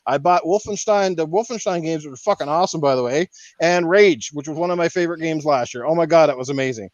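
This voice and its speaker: A high-pitched man hosts a podcast and rants hard, swearing freely and pushing each point with heat. The sound is dull and lo-fi, and the voice is dry with no room echo. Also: fast talker. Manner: profane, fired-up ranting. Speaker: podcast host. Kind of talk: casual podcast rant.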